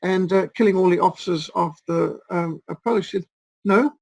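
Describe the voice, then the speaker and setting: He is a Zimbabwean in his fifties, originally from Rhodesia, spinning rambling stories for an interviewer with many fillers and restarts. The voice is high-pitched, gravelly and darkish, brisk in pace and level in tone. It is recorded roughly, with no echo.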